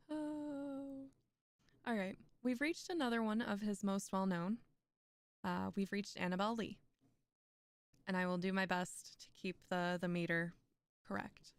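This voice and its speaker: A woman's voice: mid-range voice, steady tone, normal speed, clear, resonant tone, no echo. A young woman streaming a poetry reading, reciting poems aloud and breaking off into chatty asides with frequent laughs.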